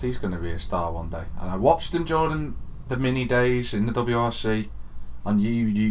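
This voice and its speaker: A young man co-hosting a podcast, telling an excited story that swings from hushed to loud. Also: mid-range voice, slight background noise. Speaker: podcast co-host. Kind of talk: excited casual chat.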